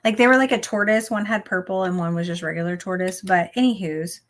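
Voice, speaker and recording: A woman hosts a relaxed reading livestream. She chats easily with her viewers, laughs often and reads their messages aloud. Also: mid-range voice, quick pace. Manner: chatty, laughs often, talks to viewers as y'all. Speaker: livestream host reading chat. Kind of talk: casual chat on a reading livestream.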